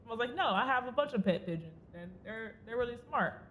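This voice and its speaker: Quick and animated, this woman's fairly bright, high-leaning voice carries her giggly play-by-play as she streams a game and answers its characters. There's slight background noise along with faint game music.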